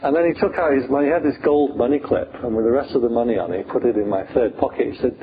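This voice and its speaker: A British monk with a mid-range voice rattles off a meditation lesson at rapid-fire speed, joking around and leaning heavily on fillers. The recording is thin and phone-like, with a faint hiss underneath.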